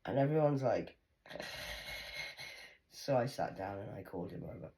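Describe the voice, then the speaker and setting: A woman vlogger talks straight to her viewers in a loose, rambling monologue, cursing freely. Her pitch swings widely up and down as she goes, and she smokes while she speaks. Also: lively intonation, moderate pace, mellow. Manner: swears freely, blunt and rambling.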